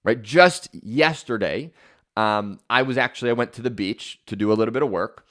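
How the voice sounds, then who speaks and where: A man's voice: mid-range voice, normal speed, sharp tone. Emphatic motivational man, keeps asking "right?". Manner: emphatic, repeats key points, asks "right?" often. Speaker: podcast host. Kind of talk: motivational talk.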